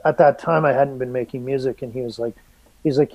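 A man's voice: medium pitch, fairly even intonation, a little fast, warm tone, no room sound, poor audio. Give me a man telling a rambling story in casual conversation, full of fillers, recorded dry and close. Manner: rambling, lots of fillers and restarts, swears freely. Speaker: artist guest.

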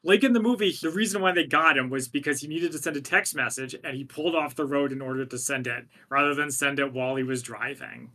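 A man's voice: mid-range voice, fast talker, hardly any pauses, bright, forceful tone. A man co-hosting a podcast, chatting casually about a film and reading facts and quotes aloud. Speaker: podcast co-host. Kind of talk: casual chat.

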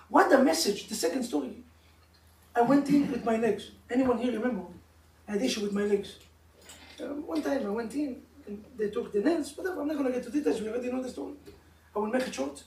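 Israeli-accented rabbi in an echoey room. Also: male voice, very high-pitched, fast. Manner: animated storytelling, mimics voices, broken English. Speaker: rabbi teaching a couples class. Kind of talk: informal religious class with stories. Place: room of a live-streamed class. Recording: echoey room, distant mic, faint noise.

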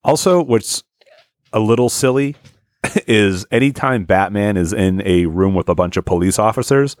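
A man on a casual movie-review podcast, talking in a lively way with fillers and frequent laughs. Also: fairly low pitch, moderate pace, no echo, clean studio sound.

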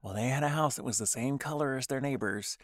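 A man co-hosting a casual podcast, animated and quick to laugh as he talks. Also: medium pitch, no echo, studio quality. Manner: animated, laughs often, trails off in restarts. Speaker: podcast co-host. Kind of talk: casual chat.

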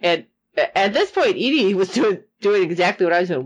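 A woman co-hosting a podcast, reacting to a series with lively, acted-out quotes of characters. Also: medium pitch, a little fast, slightly rough, muffled recording. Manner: animated, acts out characters' reactions. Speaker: podcast co-host recapping a series. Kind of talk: casual chat.

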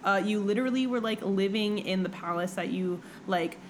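A young woman co-hosting a casual book-discussion chat, animated and profane, acting out characters in quick voices. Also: medium pitch, a little hiss or hum, poor audio. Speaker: podcast co-host.

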